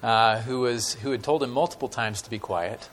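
A man preaching a sermon with stories to a church congregation, talking in a conversational way with many fillers and dramatic pauses. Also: medium pitch, fairly bright tone, slight background noise. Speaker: guest preacher.

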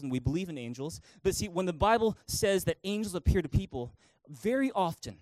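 A young man delivers a church sermon in a high, bright-toned voice. He is animated, acting out the people in his stories as he preaches. The sound is close and dry, with little room in it. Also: dry recording, low-quality recording. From Canada. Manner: animated, acts out quoted voices. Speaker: pastor.

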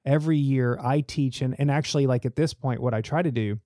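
A man's voice: medium pitch, fairly quick, warm tone, no room sound, clean studio sound. A man talking earnestly as a church youth leader in an interview, telling stories to make his points. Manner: earnest, storytelling. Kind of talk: podcast interview.

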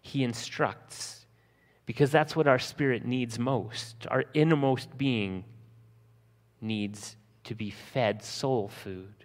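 Male pastor preaching, mid pitch, long church hall echo. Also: slow pace. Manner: lively storytelling, acting out disciples' panic in a raised voice. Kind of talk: sermon.

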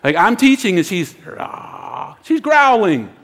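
A man preaches in an animated, high-pitched voice that leaps up and down as he acts out the voices in his story. His words ring out with a long reverb, as in a large church hall. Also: fairly quick.

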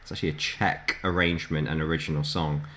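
Very deep-voiced man telling anecdotes. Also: fairly even intonation, fast talker, fairly bright tone. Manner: chatty, laughs often, retells anecdotes. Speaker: podcast co-host. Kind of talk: casual storytelling chat.

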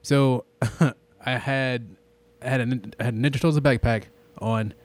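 A man chatting casually, mostly giving short relaxed replies and telling a childhood story. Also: medium pitch, unhurried. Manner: laid-back, short agreeing replies. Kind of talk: casual chat.

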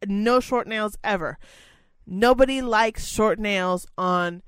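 A chatty middle-aged male nail tech, as a woman quotes him, who repeats himself and insists on his point. The voice is smooth and clear. It sits in a dry, close recording. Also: medium pitch, slow, fairly bright tone, no room sound. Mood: boastful. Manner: repetitive, insistent.

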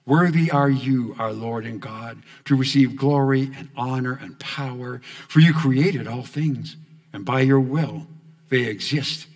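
Man preaching a sermon in a reverberant church hall, earnest, medium pitch, drops soft for emphasis. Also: measured pace.

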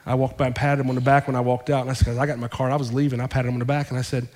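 A male pastor telling a story in a sermon, acting out both sides of the conversations with lively shifts in his voice. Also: medium pitch, racing. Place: church sanctuary. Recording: long hall reverb.

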